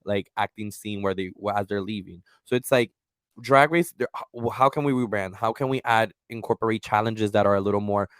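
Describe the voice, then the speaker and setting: A man co-hosting a podcast in casual chat, talking in an animated, profane way. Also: lowish voice, brisk, clear, resonant tone, no room sound, clean studio sound. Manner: animated, profane, swings into loud mock voices. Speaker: podcast co-host.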